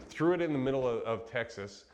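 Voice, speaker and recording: A man from Western Kansas giving a relaxed, chatty Bible teaching, laughing easily and filling pauses with ums. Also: mid-range voice, vocal fry. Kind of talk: casual Bible teaching chat.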